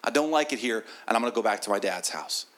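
A regretful younger son who has hit bottom and mutters to himself that he will go home as a preacher voices him. His voice stays close to the preacher's own lively, bright tone. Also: fairly low pitch, fast. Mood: fed up.

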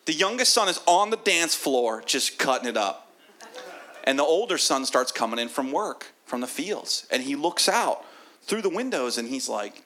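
A man preaching a sermon as a guest speaker in a church, telling a story with animated energy and dropping into soft, earnest asides. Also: a little high, moderate pace.

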